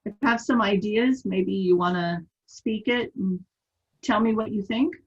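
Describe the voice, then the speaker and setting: A woman's voice: mid-range voice, a little slow, dull audio. A woman teaching a webinar in a conversational way, asking the group questions. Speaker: webinar presenter.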